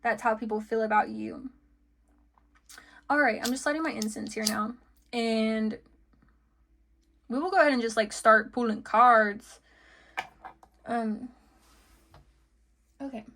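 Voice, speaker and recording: A woman's voice: fairly high pitch, unhurried, pauses often, a bit bright. A woman giving a casual tarot reading, chatty and giggly, full of fillers and friendly asides. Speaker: tarot card reader.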